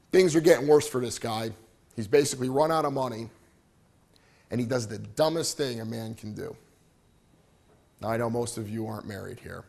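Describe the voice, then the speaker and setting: A middle-aged man giving an animated storytelling presentation to a live audience, often checking in with "right?". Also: on the low side, vocal fry, slightly rough. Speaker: motivational speaker.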